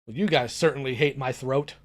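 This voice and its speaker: A man's voice: mid-range voice, fairly quick. A man giving casual, sarcastic commentary as a YouTuber, talking while he clicks through files. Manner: sarcastic, lively, talks while working the computer.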